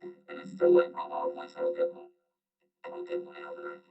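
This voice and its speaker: A man's voice: a bass voice, huge pitch swings, brisk, vocal fry, muffled recording, soft background music. A man hosting a casual livestream reaction, chatting to his viewers with many fillers, through a glitchy robot-voice mic. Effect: glitchy robot voice filter from a faulty mic. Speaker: host reacting to videos.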